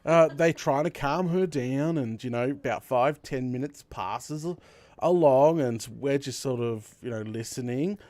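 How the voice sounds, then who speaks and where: A young Australian man, a streamer host, telling a story in casual chat with laughter and lively retelling. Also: medium pitch, unhurried, no room sound.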